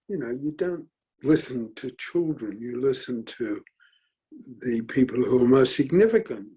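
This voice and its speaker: A middle-aged man with a gravelly, husky voice gives a reflective forum talk. He speaks slowly and haltingly, pausing for fillers and restarting his sentences as he works through his thoughts. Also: mid-range voice, a little mellow, rough recording. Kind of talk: reflective talk, thinking aloud.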